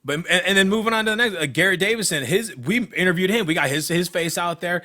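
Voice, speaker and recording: Young dude ranting on a podcast, bright kinda high voice, swears a lot, blunt. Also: male voice, fast. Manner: blunt, profane, worked-up ranting. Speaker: podcast co-host, MMA fighter. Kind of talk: casual podcast chat.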